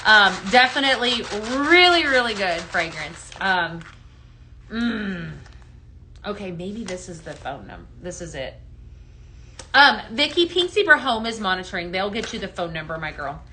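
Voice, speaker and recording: A woman hosting a live home-fragrance sales stream, chatting casually, greeting viewers by name and filling pauses with ums. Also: medium pitch, sing-song, pushed and bright, a little hiss or hum. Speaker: live shopping show host.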